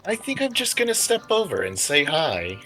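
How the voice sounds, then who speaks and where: A man's voice: fairly high pitch, huge pitch swings, moderate pace, pushed and bright, breathy edge, faint music behind, voice pushed up, heavily acted, poor audio. A man doing an eager little corgi pup. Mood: friendly. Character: friendly awkward young female corgi puppy. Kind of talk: reading a story aloud live.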